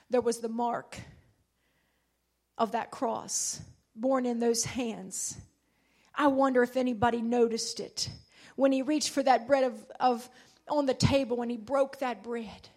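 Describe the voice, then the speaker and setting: A woman preaches a sermon in a high, bright voice. She throws her words out to the congregation with fervor, then drops to a near hush before rising again. Her delivery is full of passion. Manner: impassioned, swinging between loud and hushed; calls out to the congregation.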